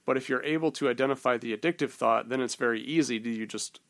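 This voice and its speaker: A man, a therapist co-hosting a podcast, explaining a technique in a measured, casual way. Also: medium pitch, fairly bright tone.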